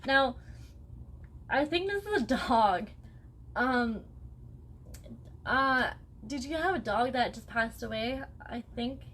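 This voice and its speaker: A young woman with a fairly high voice gives a casual spirit reading on a live stream. She talks loosely and reassuringly, often pausing to ask "okay?" A faint ambient hum sits under her voice. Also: animated, fairly bright tone. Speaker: psychic medium.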